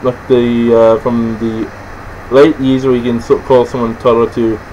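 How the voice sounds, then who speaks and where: This is an Australian man with an ordinary mid-range voice, explaining things off the cuff. He halts often, restarting sentences and filling pauses as he goes. His talk stays loose and rambling, never scripted. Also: medium pitch, flat delivery, dark tone, muffled recording, a little hiss or hum. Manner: halting, rambling, many restarts and fillers. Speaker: presenter explaining slang. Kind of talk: casual unscripted explanation to camera.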